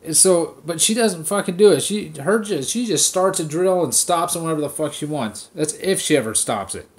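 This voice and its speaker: A man's voice: a little high, animated, moderate pace. A man hosting a podcast, ranting casually with heavy swearing and mocking impressions of people. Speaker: podcast host. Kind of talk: casual profane rant.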